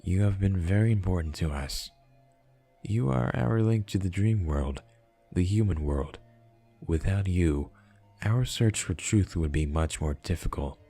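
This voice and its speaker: A man voicing a calm, detached ancient spirit. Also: low voice, breathy edge, soft background music, heavily acted. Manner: measured and formal, no contractions. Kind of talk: reading a visual novel aloud.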